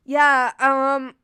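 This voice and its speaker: A woman livestreaming in casual chat, answering viewers' questions and gushing like an excitable fangirl. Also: sits high, dry recording.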